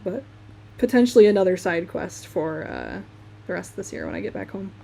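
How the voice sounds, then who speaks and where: In this clip her voice sits lowish and swoops wildly in pitch, fairly quick, gravelly and dark with a breathy edge. She's a young Midwestern woman from Michigan, casually chatting and laughing a lot as she draws on a live stream.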